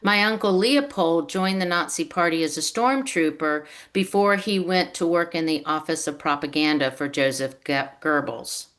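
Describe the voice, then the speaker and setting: A woman's voice: low voice, normal speed, few pauses, fairly bright tone. A woman author speaking over a video call, telling her family's story in a storytelling way and acting out what her relatives said. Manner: storytelling, acts out quoted relatives. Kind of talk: reading prepared remarks on a video call.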